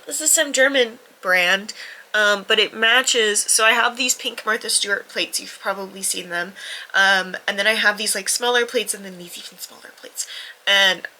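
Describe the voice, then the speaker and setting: Young female book vlogger, stuffy-nosed, bright edge to the voice, candid and self-deprecating, near-whispers at times. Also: medium pitch, unhurried, poor audio. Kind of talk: casual vlog talk to camera.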